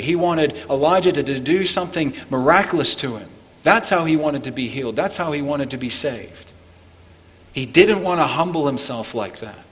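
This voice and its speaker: A man preaching a Christmas sermon as pastor, earnest, climbing for emphasis and falling low and quiet on key points. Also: long reverb tail. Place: church.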